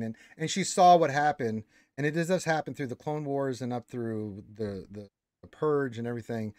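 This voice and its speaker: A man's voice: mid-range voice, normal speed, a little mellow, no room sound, clean studio sound. A man hosting a casual fan discussion, explaining lore at length with restarts and notes read aloud.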